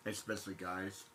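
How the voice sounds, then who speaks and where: Deep-voiced man chatting on a live stream. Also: very noisy. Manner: rambling, filler-heavy, self-reflective; quick-talking. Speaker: livestreamer. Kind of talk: casual live-stream chat while gaming.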